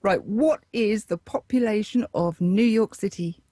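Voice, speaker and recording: A woman running a casual quiz, brisk and teasing with the players. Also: medium pitch, mellow, dry recording. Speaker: quiz presenter.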